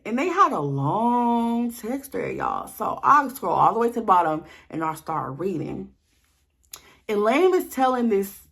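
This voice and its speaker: A young woman tells a personal story to her followers in a casual, blunt vlog style. Her voice is very lively and swings up and down as she talks. She sits in the middle of the usual pitch range for a woman and talks straight to her viewers. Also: creaky, slightly rough. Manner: animated, blunt, addresses viewers directly. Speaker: vlogger.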